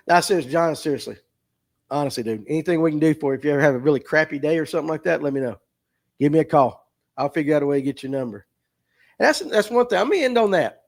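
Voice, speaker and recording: A middle-aged man, a tackle shop owner on a livestream, talking earnestly and emotionally, repeating himself and near tears. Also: a little high. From US South. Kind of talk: heartfelt casual livestream talk. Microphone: streaming mic.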